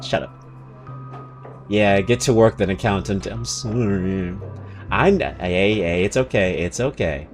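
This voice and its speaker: A young man streaming a game, chatting with viewers in a self-mocking, animated way that jumps into high exclamations. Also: measured pace, faint music behind. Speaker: streamer and voice actor. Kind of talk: casual live-stream chat while playing.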